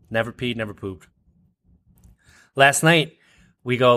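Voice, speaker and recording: A man in his thirties co-hosting a podcast, telling a family story in casual chat and jumping up high to quote his kids. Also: slow, pushed and bright. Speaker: podcast co-host.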